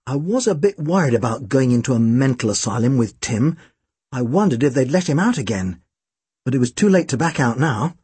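A man narrates an audiobook in a wry, deadpan first person. His voice is somewhat high and husky, with a lively, expressive melody. The recording is close and dry, with no room echo.

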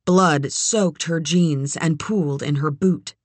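An audiobook narrator reading a tense thriller passage in a measured, even storytelling voice. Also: mid-range voice, no room sound. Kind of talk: scripted narration.

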